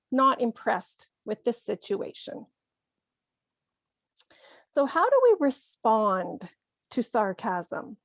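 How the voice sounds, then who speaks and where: A woman teaching an English lesson, explaining slowly and clearly and acting out short example lines. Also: fairly high pitch, no echo, studio quality. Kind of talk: scripted ESL lesson.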